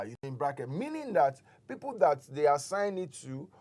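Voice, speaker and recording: A man's voice: a little high, very animated, normal speed, few pauses, darkish tone. Man explaining property deals patiently. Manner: patient, explains step by step with examples. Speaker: real estate expert guest. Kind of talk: explanatory talk show chat.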